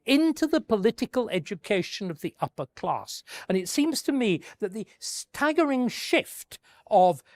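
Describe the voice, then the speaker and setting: A man's voice: sits high, very animated, moderate pace, no echo. A man giving an unscripted history talk, emphatic and stressing key words, with frequent restarts. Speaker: historian lecturing.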